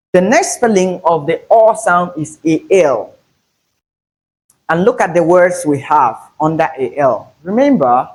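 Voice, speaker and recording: A man teaching English pronunciation, slowly and deliberately stressing each example word. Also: a little high, rough recording. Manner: slow, deliberate, repeats example words with stress. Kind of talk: phonetics lesson.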